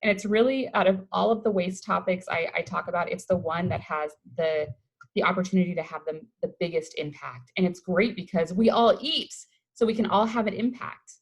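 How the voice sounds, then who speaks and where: A woman's voice: fairly low pitch, fairly quick, breathy edge, low-quality recording. A woman from Colorado, a waste-reduction educator, giving an upbeat, conversational webinar presentation over a video call. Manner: upbeat, conversational, enthusiastic about the topic.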